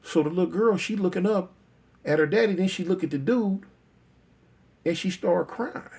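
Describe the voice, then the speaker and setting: Brief: male storyteller, gravelly husky voice, talks plain and repeats for effect. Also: high-pitched, normal speed, a little mellow. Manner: repetitive, conversational, emphatic. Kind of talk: oral street storytelling.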